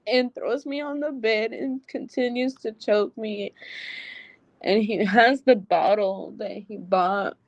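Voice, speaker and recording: A woman speaks slowly and haltingly in a fairly high voice, recounting a painful ordeal through a remote call. She stumbles over ums and restarts, and she swears when upset. The sound is dry, close and without room echo. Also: a little mellow, lo-fi sound. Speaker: guest telling her story. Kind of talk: emotional first-person account.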